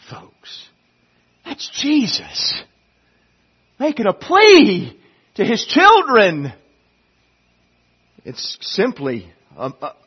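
Man, pastor, sermon, high voice, husky, slow delivery, passionate, repeats phrases. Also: muffled recording. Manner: impassioned preaching, swinging from loud pleading to hushed intensity; repeats words and restarts phrases.

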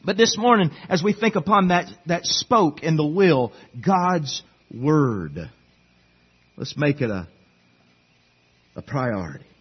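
A man's voice: on the high side, big pitch swings, takes it slowly, pauses often, slightly rough, dull audio. A middle-aged man preaching a sermon to his church as their pastor, earnest and pleading, urging them again and again. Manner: earnest, pleading, repetitive exhortation. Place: church sanctuary.

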